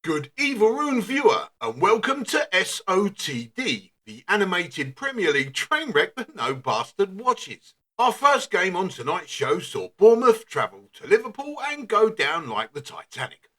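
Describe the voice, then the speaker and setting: A man presenting an animated comedy football show in brash, sweary scripted narration. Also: high voice. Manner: brash, sweary, quick-fire delivery.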